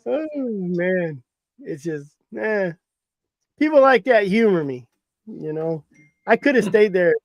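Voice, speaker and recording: Middle-aged man, folksy rambling storyteller, slightly high voice, dry close sound. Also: animated, takes it slowly, pauses often, dry recording. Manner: rambling, folksy, laughs at his own story. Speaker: hunting guide. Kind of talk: casual storytelling.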